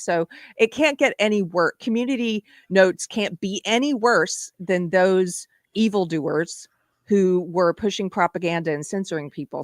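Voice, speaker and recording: A woman's voice: on the low side, no echo, studio quality. A woman hosting a live online show, chatting casually and laughing often as she tells stories. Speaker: host. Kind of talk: casual live-stream chat.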